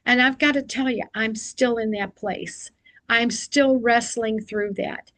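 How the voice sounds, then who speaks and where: A woman's voice: a little high, steady tone, unhurried, fairly bright tone, dry recording, low-quality recording. Middle-aged woman talking through her faith, earnest and a bit self-deprecating, dry close sound. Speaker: Christian devotional speaker. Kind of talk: personal devotional reflection.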